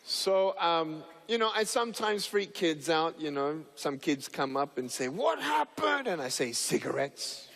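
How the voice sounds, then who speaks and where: A man's voice: fairly high pitch, normal speed, hardly any pauses, a bit bright, big-room sound. A man giving a humorous speech to an audience, telling stories playfully and acting out scenes, with many fillers and restarts. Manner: playful storyteller who acts out scenes. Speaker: public speaker.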